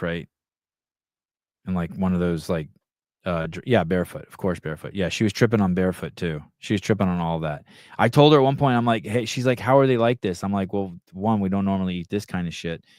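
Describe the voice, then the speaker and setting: A middle-aged man talks in a loose, rambling way, swearing freely as he tells a story and reads comments aloud. His voice sits on the lower side. The sound is dry and close, with no room around it. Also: a little mellow, dry recording. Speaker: podcast host. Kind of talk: casual profane storytelling chat.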